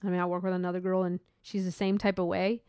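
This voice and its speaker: A woman's voice: on the low side, flat delivery, fast, a little mellow, clear, resonant tone, no echo, studio quality. A woman who works in hospital imaging, talking earnestly and rambling with restarts in a casual spiritual monologue. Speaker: hospital MRI worker.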